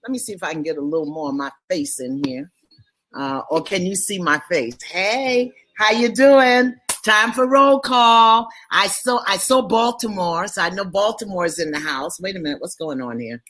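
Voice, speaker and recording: A woman hosting a monthly spiritual gathering over a live video stream, greeting her listeners warmly and stretching out words for emphasis. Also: on the low side. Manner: lively, affectionate greetings with drawn-out emphasis. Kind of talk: livestream welcome and spiritual talk.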